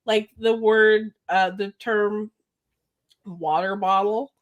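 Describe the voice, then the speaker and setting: A woman's voice: mid-range voice, fairly even intonation, takes it slowly, highs cut off. Giggly rambling woman podcaster. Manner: giggly, rambling, trips over words. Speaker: podcast co-host. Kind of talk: casual chat.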